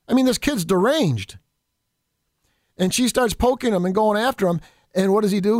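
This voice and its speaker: Indignant high-voiced man commentating. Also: darkish tone, no room sound, studio quality. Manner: indignant, emphatic, addresses listeners as folks. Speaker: political radio commentator. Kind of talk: opinion monologue.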